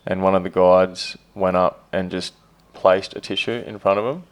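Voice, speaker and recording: A man's voice: deep voice, fairly even intonation, moderate pace. A man in casual podcast chat, laid-back, with many fillers and casual swearing. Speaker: podcast co-host, stepdad.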